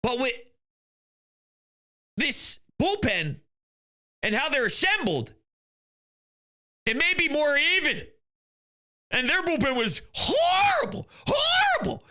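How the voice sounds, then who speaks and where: Ranting his way through sports commentary, this young talk show host has a voice that is very high, tense and piercing. He speaks in exasperated, heated bursts and frequently starts shouting.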